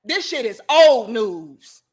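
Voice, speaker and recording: Her voice fairly high and slightly rough, a vlogger rants to the camera slowly but with great animation. She's blunt, swears and shows her feelings openly, addressing everyone watching as "y'all."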